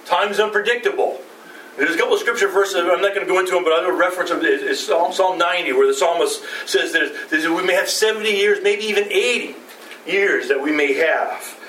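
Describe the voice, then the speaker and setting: A middle-aged male pastor delivers a sermon in a loose, conversational way and keeps asking rhetorical questions. His voice sits a little higher than most men's. He sounds set back from the mic in a roomy sanctuary with faint background noise. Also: fairly quick, a bit bright, far from the mic.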